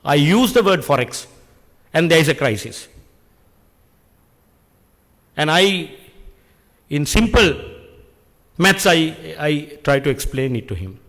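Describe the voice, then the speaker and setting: A middle-aged man, giving an earnest, deliberate speech at an industry function and posing rhetorical questions. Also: fairly high pitch, animated, a bit bright, long reverb tail. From Sri Lanka. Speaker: public speaker addressing an industry function. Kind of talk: speech at an event. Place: function hall.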